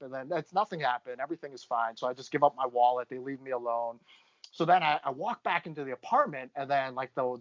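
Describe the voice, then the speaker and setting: A man's voice: medium pitch, no echo. A young adult man on a podcast, casually telling a rambling story and tagging his lines with "right?". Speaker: podcast co-host. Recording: dull lo-fi sound.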